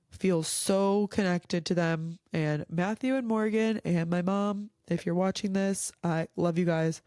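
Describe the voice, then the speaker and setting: Young woman, teary vlog host, slow unhurried speech, dry close sound, heartfelt rambling. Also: fairly low pitch, a little mellow, smooth, no room sound. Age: young adult. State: emotional, teary. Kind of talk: casual Q&A vlog talk.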